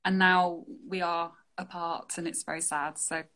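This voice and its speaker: A young British woman, chatty and quick to laugh, talking casually on a phone livestream. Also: fairly low pitch, a crowd in the background. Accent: British English. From United Kingdom. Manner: chatty, laughs often, animated. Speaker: guest artist. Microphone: phone on a live video call.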